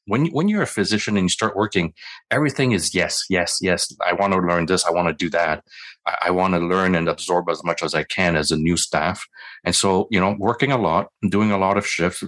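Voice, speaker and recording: Man, 40s, physician guest on a podcast, very low voice, candid, self-deprecating storytelling. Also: normal speed, a bit bright. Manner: candid, self-deprecating, acts out quoted dialogue. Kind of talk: casual storytelling interview.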